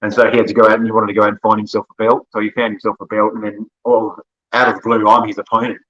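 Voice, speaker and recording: A man's voice: on the low side, level tone, rapid-fire, a bit bright, lo-fi sound. A man with an Australian accent, a podcast guest telling long, rambling stories and laughing often. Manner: rambling storyteller, laughs often, self-corrects. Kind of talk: casual conversation.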